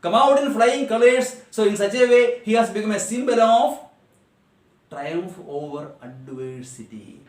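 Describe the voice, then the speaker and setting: A man's voice: high voice, lively intonation, a little slow, recorded from a distance. A man with an Indian English accent teaching a class lesson, repeating and rephrasing each line and asking rhetorical questions. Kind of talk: classroom lesson explaining a text. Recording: echoey room, voice away from mic.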